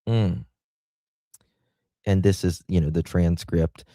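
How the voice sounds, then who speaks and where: A man with a low, mellow voice reads a crime news story aloud, stumbling and restarting often and spelling out certain words letter by letter. His delivery is halting and full of fillers as he adds his own remarks. The recording is dry and close, with no room sound. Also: fairly even intonation, no room sound. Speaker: true crime show host. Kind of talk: reading news aloud with commentary.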